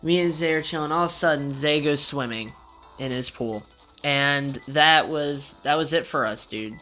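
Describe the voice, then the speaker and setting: A man's voice: a little high, normal speed, pushed and bright. A young man casually telling a rambling story in a vlog, with loose slangy talk and frequent swearing.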